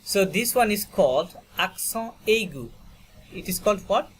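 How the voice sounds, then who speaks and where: A man's voice: high-pitched, animated, moderate pace. A man teaches an online French class over a video call. He speaks patiently, circles back with "okay" and "you know," and repeats each term for his students. A faint hiss of noise sits under the call. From Bangladesh. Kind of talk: online language lesson.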